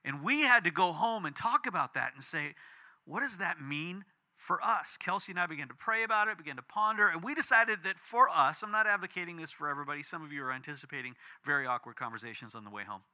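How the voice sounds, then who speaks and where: Fifties male pastor, lively storytelling sermon, high bright ringing voice. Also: quick pace. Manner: animated storytelling with big swings in pitch and volume.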